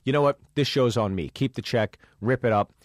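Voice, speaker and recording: A man's voice: mid-range voice, fairly quick, no echo, studio quality. A man, a comedian co-hosting a podcast, telling a road story in casual chat and acting out the dialogue with plenty of swearing.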